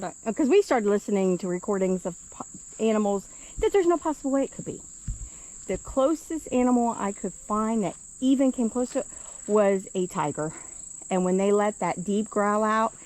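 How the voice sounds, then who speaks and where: A woman's voice: mid-range voice, darkish tone, poor audio. A woman vlogger telling a story outdoors in the woods by a truck, casual and hesitant, with lots of ums. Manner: hesitant, with many ums and uhs.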